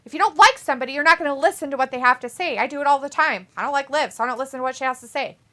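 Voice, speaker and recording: A woman's voice: sits high, racing, pushed and bright. A woman co-hosting a casual live stream, reading viewer comments aloud in a blunt, profane way and laughing often. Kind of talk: casual chat.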